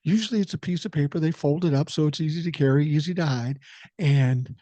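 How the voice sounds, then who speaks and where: A man's voice: on the high side, brisk, warm tone, dry recording, natural voice. A man voicing a brash young male college hockey player who hustles, cocky, salesy and profane.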